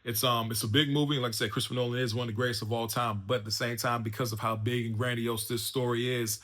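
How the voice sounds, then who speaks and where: A man's voice: medium pitch, level tone, fast, fairly bright tone. A man hosting a casual spoken movie review, talking loosely with lots of fillers and restarts. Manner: loose and chatty, full of fillers and restarts like "man" and "you know what I'm saying". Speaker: movie reviewer and channel host.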